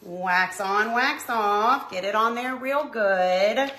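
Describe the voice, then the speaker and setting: Middle-aged woman, bright and scattered, craft-stream host; recorded in an echoey room. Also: medium pitch, takes it slowly. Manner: chatty, scattered, talks to viewers by name. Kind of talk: casual crafting livestream chat. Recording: echoey room, faint background noise.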